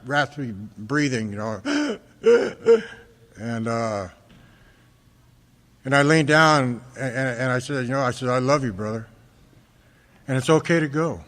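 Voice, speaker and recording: An American man from Fresno, California, giving an earnest personal testimony at a recovery meeting, halting often and repeating words as he restarts. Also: mid-range voice, fairly bright tone. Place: large hall at a convention. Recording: reverberant hall recording.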